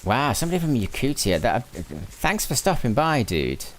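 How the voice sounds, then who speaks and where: A man's voice: mid-range voice, big pitch swings, moderate pace. A man from Lancashire with a mixed northern English accent, thinking aloud and chatting with viewers during live gameplay commentary. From Lancashire, England. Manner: musing aloud, chatting with viewers while playing. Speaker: gaming streamer.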